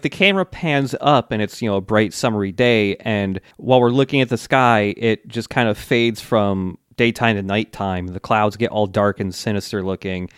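A man's voice: lowish voice, smooth, no room sound, clean studio sound. A man co-hosting a casual podcast, recapping an anime in a laid-back way, laughing often and leaning on loose fillers. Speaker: podcast co-host.

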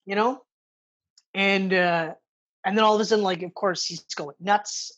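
A woman in a relaxed film chat, swearing freely and acting out lines from the movie. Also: medium pitch, moderate pace, lo-fi sound. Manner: casual, swears often, acts out movie lines. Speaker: podcast co-host. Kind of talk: casual movie review chat.

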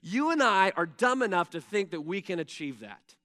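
A man preaching a sermon as pastor, conversational, swinging between loud emphasis and hushed intensity. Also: sits high, very animated, normal speed. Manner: conversational asides with "right?" and "like".

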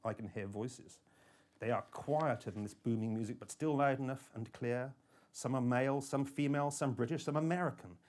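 A man reading a first-person thriller audiobook with an intense delivery that moves between hushed and urgent. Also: medium pitch. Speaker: audiobook narrator.

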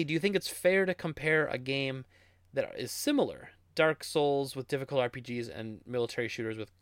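A man's voice: mid-range voice, smooth, no echo, studio quality. A man in his thirties who works in game retail, answering viewer questions in a rambling, casual way and acting out customers as he tells stories. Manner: rambling, animated storytelling with laughs and acted-out customer quotes.

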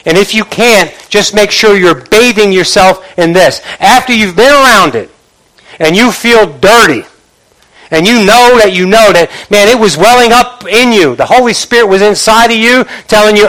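A man preaching a sermon as pastor, animated, repeating words for emphasis and mimicking idle chatter. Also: high-pitched, normal speed.

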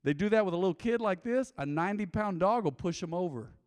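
A man preaching a sermon to his congregation in a conversational way, with joking asides, moving from quiet low remarks to loud emphatic reading. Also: animated, fast, clean tone. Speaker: pastor. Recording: long hall reverb.

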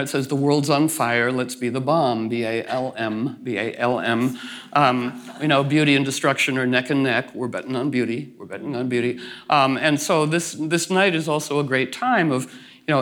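A man's voice: medium pitch, fairly bright tone. A man giving a casual talk to a group, rambling with many restarts and fillers, and laughing through his funny stories. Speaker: speaker at a gathering.

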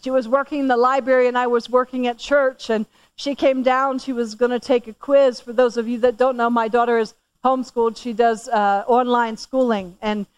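A middle-aged woman telling a story in a sermon, talking casually and animatedly, climbing higher when she quotes herself scolding. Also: fairly even intonation, normal speed, clean tone. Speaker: church speaker.

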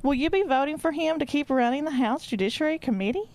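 A woman's voice: high-pitched, expressive, fast, darkish tone. A woman reading as a wry older columnist. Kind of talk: comedic dramatic reading.

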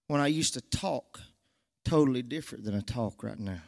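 In a church sanctuary with long hall reverb, a nervous man gives a testimony that swells into fervent preaching. His medium-pitched, expressive voice has vocal fry and a moderate pace, and his Southern country speech rises to fervent shouts.

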